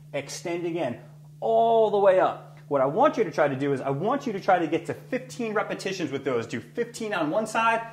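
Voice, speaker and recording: A man as a fitness trainer, coaching and demonstrating floor exercises in an energetic way, breathing heavily as he works out. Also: on the high side. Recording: echoey room with faint hum.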